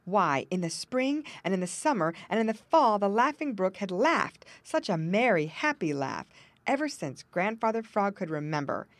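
A woman narrating a children's storybook aloud with expressive storytelling emphasis. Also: medium pitch, moderate pace, dry recording. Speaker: audiobook narrator.

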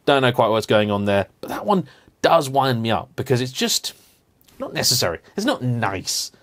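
A man hosting a car vlog, giving an animated, emphatic, playfully indignant rant to camera. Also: medium pitch, moderate pace. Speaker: car vlogger host.

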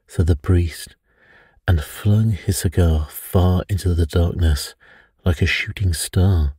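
A man narrating a bedtime story softly and evenly, meant to help listeners sleep. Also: low-pitched, slow, slightly rough, no echo. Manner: soft and even for sleep.

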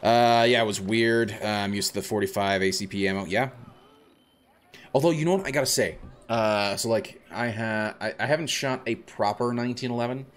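A man's voice: fairly low pitch, brisk, a little hiss or hum. A man streaming a video game, chatting casually and rambling with many restarts and self-corrections. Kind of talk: casual gameplay commentary.

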